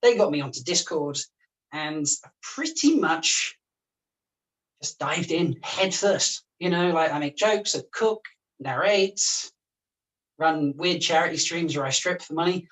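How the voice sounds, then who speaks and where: Chef-streamer, casual and giggly, mid-pitch voice, cooking and chatting at once, mic a fair way off. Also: animated, measured pace, fairly bright tone. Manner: chatty, laughs often, busy cooking while talking. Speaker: chef and charity livestream host. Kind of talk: casual livestream chat. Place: home kitchen with the oven on. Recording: voice picked up from a distance.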